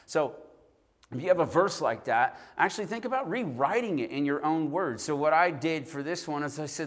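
A man's voice: fairly high pitch, lively intonation, brisk. A man preaching a sermon, earnest, often repeating words and restarting his sentences. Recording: long reverb in a hall.

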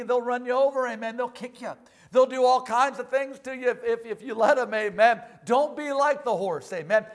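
High-voiced preacher calling out amens. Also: male voice, moderate pace. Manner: preachy call-and-response with frequent "amen"; quotes scripture in old King James wording. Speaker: pastor. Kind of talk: sermon.

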